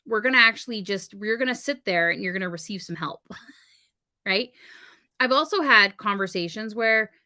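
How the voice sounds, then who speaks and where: Woman cohost on a live stream, bright ringing voice, acts out little back-and-forth stories. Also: medium pitch, normal speed. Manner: animated storytelling, acts out quoted exchanges. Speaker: podcast co-host and wedding officiant. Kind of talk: casual live-stream conversation. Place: home studio on a live stream.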